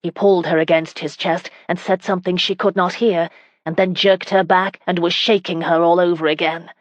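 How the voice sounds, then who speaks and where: A woman narrating a historical romance audiobook in a steady, even reading. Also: lowish voice, moderate pace, no room sound, highs cut off. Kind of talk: scripted narration.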